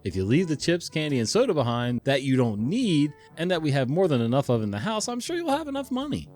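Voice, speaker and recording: A man's voice: fairly high pitch, very animated, quick pace, darkish tone, faint music behind, voice pushed up. Fed-up husband, dry and firm, no patience left, voiced by a male narrator. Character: blunt, unimpressed adult husband on speakerphone.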